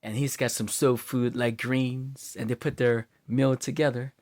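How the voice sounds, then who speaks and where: Animated man retelling a story. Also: medium pitch, unhurried. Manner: animated, acts out scenes. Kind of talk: casual spoken story retelling.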